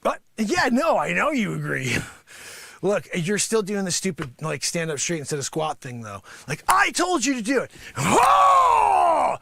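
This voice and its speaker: A man's voice: high-pitched, big pitch swings, measured pace, gravelly, bright, forceful tone, slightly rough, dry recording, voice pushed down, exaggerated voice. A man voicing a boastful, greedy male karate sensei in an improvised comic bit, scolding and bragging at his students. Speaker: livestream musician host.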